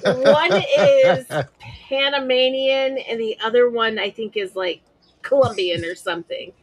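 A woman's voice: sits high, a little slow. A woman in a casual chat among friends, easygoing, correcting facts, with lots of fillers. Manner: easygoing, fact-checking, chatty with fillers.

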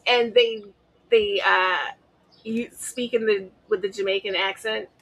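A woman's voice: mid-range voice, steady tone, unhurried, fairly bright tone. A woman in a casual chat among friends, easygoing, correcting facts, with lots of fillers. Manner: easygoing, fact-checking, chatty with fillers.

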